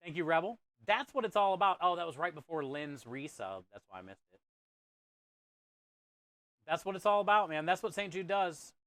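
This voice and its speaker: A man's voice: fairly high pitch, expressive, normal speed, pauses often, bright, forceful tone, dry recording. A man hosting a live cooking stream, chatting casually and reading viewer comments aloud in a friendly, laid-back way. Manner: friendly, chatty, addresses viewers as bro and dude. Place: kitchen or food truck.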